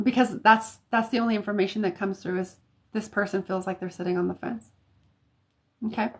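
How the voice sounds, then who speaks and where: An American woman chatting on a livestream as a psychic reader, talking casually with many fillers and restarts. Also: mid-range voice.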